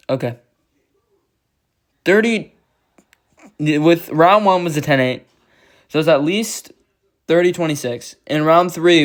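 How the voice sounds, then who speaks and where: Guy rambling through a fight recap, cusses a lot, kinda high smooth voice. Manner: blunt, profane, rambling. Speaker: MMA commentator.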